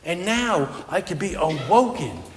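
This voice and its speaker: A man's voice: high voice, sing-song, a little slow, a little hiss or hum. A man giving a personal recovery talk at a meeting, telling his story in an earnest, conversational way. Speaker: AA speaker. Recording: echoey hall with long reverb.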